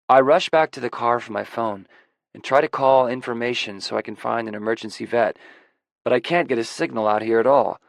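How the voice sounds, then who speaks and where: A man narrating a first-person audiobook in a measured, introspective way. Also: medium pitch, vocal fry, no echo. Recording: dry close audiobook recording.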